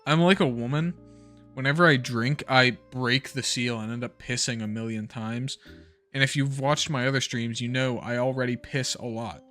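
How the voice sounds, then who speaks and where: A male game streamer chatting casually over his play, crude and profane, cracking jokes. His voice sits in a middle pitch with a bright, forward edge. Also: fairly even intonation, normal speed, faint music behind. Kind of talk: casual gaming stream commentary.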